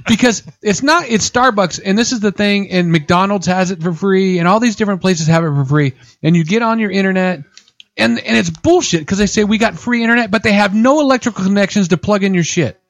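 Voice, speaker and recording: A man hosting a casual comedy podcast, telling stories in an animated, laughing way. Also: sits high, fairly quick, no echo. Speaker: podcast host. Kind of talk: casual chat.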